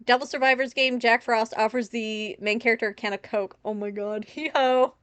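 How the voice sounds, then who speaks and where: A woman's voice: on the high side, level tone, fairly quick, fairly bright tone, smooth, no echo. Giggly, chatty woman streamer. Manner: rambling, giggly, chatty tangents. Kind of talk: casual live gameplay commentary.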